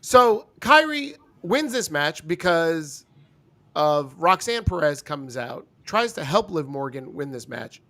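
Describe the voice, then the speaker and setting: Young man, fairly high voice, joking and teasing, casual podcast banter, animated delivery. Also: slow. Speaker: wrestling review co-host.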